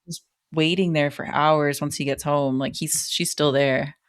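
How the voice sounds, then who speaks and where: Low-voiced chatty woman co-host. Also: steady tone, no room sound, clean studio sound. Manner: chatty, many likes and ums, acts out lines in quick bursts. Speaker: podcast co-host. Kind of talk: casual chat recapping a horror film.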